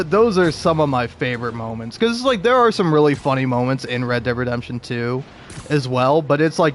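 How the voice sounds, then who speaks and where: A man's voice: medium pitch, a little hiss or hum. Young man rambling about games, laughing often. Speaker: video game commentator. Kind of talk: casual rambling commentary.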